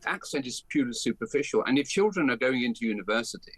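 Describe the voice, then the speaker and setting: An older man with a softened Birmingham accent, a guest on a talk radio show, speaking in an emphatic, animated and outspoken way. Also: mid-range voice, fast talker, breathy edge, no echo. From Birmingham, England. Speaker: guest, education campaigner. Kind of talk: opinionated talk radio interview.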